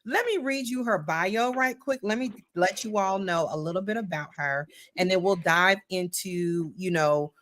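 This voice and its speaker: A woman's voice: on the low side, a bit bright. Woman host, casual livestream talk, playful and folksy, calls her audience y'all, loops back on her words. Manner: chatty, folksy, repeats herself often. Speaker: podcast host. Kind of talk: casual livestream show intro.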